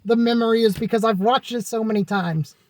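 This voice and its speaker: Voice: medium pitch, steady tone, a little fast. A co-host in a casual wrestling chat, recalling old matches with many restarts and uh-huhs. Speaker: podcast co-host.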